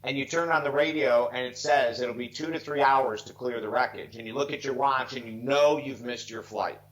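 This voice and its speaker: A man's voice: mid-range voice, steady tone, moderate pace, fairly bright tone, highs cut off. A man in his sixties, a life coach, telling stories earnestly and emotionally, near tears, on a video call. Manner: earnest, heartfelt, emphatic. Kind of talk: earnest storytelling interview.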